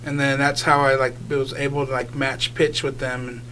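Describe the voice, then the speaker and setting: A man's voice: medium pitch, level tone, moderate pace, sharp tone, a little hiss or hum. A young man, a guest singer, talking casually in a radio interview, rambling with lots of filler words and easy laughs. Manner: rambling, many filler likes, laughs easily.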